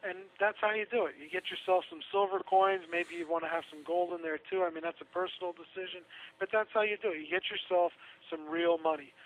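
A man's voice: high-pitched, brisk, fairly bright tone. A man talking casually on a radio show, chatty and sarcastic, laughing through his own asides. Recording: tinny phone line.

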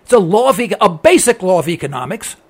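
Fast-talking and sing-song, this high-pitched American man hammers home his opinions in a radio-style monologue. He's emphatic and sarcastic, repeating his points for emphasis as a political commentator.

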